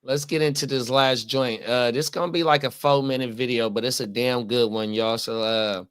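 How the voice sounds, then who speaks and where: A man's voice: medium pitch, fairly even intonation, moderate pace, fairly bright tone, clear, resonant tone. A man co-hosting a casual podcast, laid-back and slangy, who reads out viewer comments. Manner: laid-back, slang-heavy, repeats affirmations. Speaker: co-host reading chat comments.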